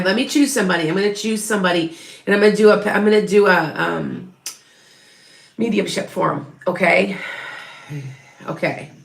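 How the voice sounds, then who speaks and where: A woman's voice: mid-range voice, gravelly, fairly bright tone. A middle-aged woman giving psychic readings to viewers, in a chatty, rambling way with many restarts and self-corrections. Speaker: psychic medium. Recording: roomy echo.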